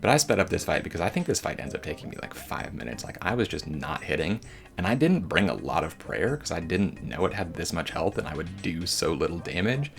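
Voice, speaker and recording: Low, gravelly man narrating gameplay. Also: very animated, brisk, soft background music. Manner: rambling, slangy and joking. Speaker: gameplay commentator. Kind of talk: casual gameplay commentary voice-over.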